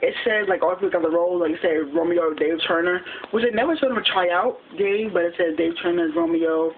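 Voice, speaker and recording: A casual fan recap of a TV episode, told in a quick, rambling way with plenty of restarts. The audio is thin and phone-like. A faint hiss runs under the voice. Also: medium pitch. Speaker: TV episode reviewer.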